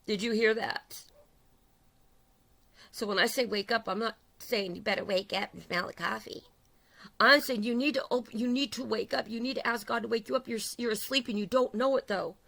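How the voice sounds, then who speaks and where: A woman's voice: fairly high pitch, normal speed, gravelly, bright, forceful tone. A middle-aged woman preaching an impassioned religious sermon, urgent and repetitive, building in intensity.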